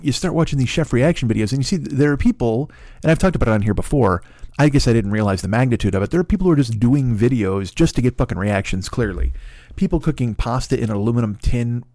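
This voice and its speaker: A man's voice: mid-range voice, mellow, no echo, clean studio sound. A man hosting a podcast, ranting in a profane, exasperated and rambling comedic way. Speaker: podcast host.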